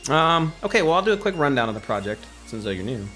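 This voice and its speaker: A man's voice: fairly high pitch, very animated, fast, a bit bright, soft background music. A man casually chatting on a livestream while building a game, rambling and answering viewer questions. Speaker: game developer streaming live.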